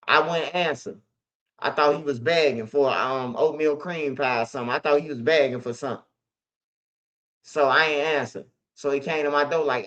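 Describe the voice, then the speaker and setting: A man's voice: medium pitch, moderate pace, fairly bright tone. A man, a show host telling stories in a casual monologue, heavy on street slang and "bro". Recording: slightly dull lo-fi audio.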